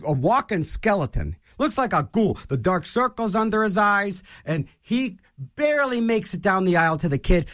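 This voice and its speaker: A man with a high-pitched voice rants for laughs, his delivery swooping up and down as he rambles. He restarts his sentences often and slips into mock voices, keeping the monologue loose and animated. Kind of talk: comedic rant.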